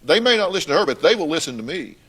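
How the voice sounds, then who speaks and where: A man's voice: on the high side, big pitch swings, very fast, fairly bright tone, breathy edge. A man hosting a talk show, pressing a guest with blunt repeated questions and narrating segments. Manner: insistent, repeats pointed questions.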